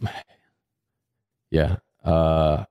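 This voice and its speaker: A podcast co-host with a bass voice talks extremely slowly in a steady, clean tone, though the sound is lo-fi. He's laid-back, chatting casually and rambling with plenty of fillers.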